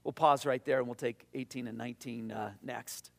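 A man preaching a sermon to his congregation, telling stories and reading scripture aloud, often dropping softer and slower for quoted lines. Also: medium pitch, steady tone, vocal fry. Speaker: pastor.

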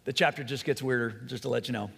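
A man's voice: mid-range voice, fast talker, vocal fry, slightly rough. Man preaching in a reverberant hall. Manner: earnest preaching, repetitive emphasis, drops to soft voice. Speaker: pastor. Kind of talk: sermon.

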